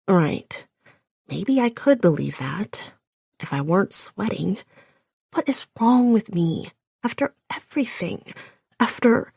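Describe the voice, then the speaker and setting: A woman's voice: medium pitch, expressive, slow, warm tone, slightly rough, no room sound, clean studio sound. A woman reading a first-person audiobook, breathless and often dropping to a whisper. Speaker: audiobook narrator.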